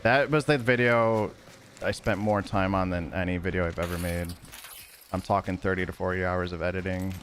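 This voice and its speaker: A man with a fairly low voice talks to viewers during a live game stream. His chat is casual and loose, wandering from point to point and stopping to fix his own words. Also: steady tone, moderate pace, fairly bright tone, a little hiss or hum. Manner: rambling, loose and self-correcting.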